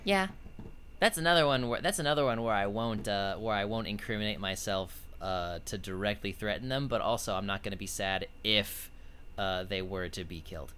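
A man's voice: fairly low pitch, moderate pace, a bit bright, clear, resonant tone. A man co-hosting a podcast, chatting casually in a rambling, sardonic way and swearing now and then. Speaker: podcast co-host. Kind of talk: casual chat.

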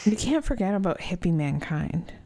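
A woman's voice: on the low side, big pitch swings, moderate pace, dark tone. A woman co-hosting a wrestling podcast, talking casually and bluntly, swearing and sounding unimpressed. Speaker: podcast co-host. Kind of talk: casual wrestling recap chat.

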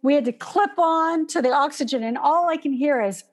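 A woman telling a personal story in casual conversation, animated and acting out gasps as she goes. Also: high voice, moderate pace. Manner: animated, acts out gasps and panicked breathing.

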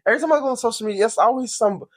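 Young man, podcast co-host, high husky voice, sassy dramatic delivery. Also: very fast. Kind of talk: casual podcast chat.

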